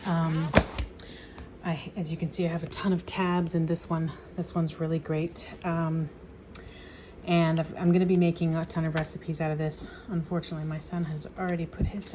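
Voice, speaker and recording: A woman's voice: fairly low pitch, noisy background. A young adult woman showing her books in a casual vlog, enthusiastic and rambling, with many fillers. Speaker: vlogger. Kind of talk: casual show-and-tell vlog.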